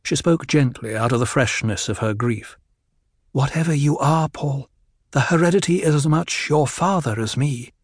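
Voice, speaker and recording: A woman playing a grieving mother who speaks gently and soothingly in a radio drama. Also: extremely low pitch, normal speed, few pauses, no echo, clean studio sound. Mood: gentle.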